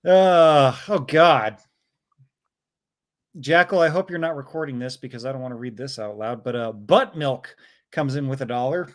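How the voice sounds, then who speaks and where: A man with a mid-range voice hosts a casual livestream at a brisk pace, reading viewers' chat messages aloud and reacting with chuckles.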